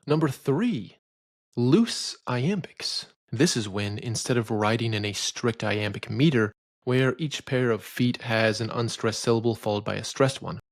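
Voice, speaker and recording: Male poetry lecturer, mid-pitched, opinionated and didactic, dry close recording. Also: dry recording. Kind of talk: scripted educational narration.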